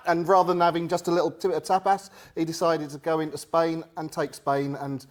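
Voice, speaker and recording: A man who tells wargaming history in a casual, halting way, full of restarts and playful asides. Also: on the high side, flat delivery. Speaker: wargaming hobbyist explaining history. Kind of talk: casual conversation.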